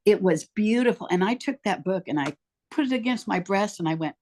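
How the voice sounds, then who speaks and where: A woman in her eighties, a podcast guest, telling stories in a relaxed, animated way and acting out the voices of the people she quotes. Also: medium pitch, brisk. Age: 80s. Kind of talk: casual storytelling interview. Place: home.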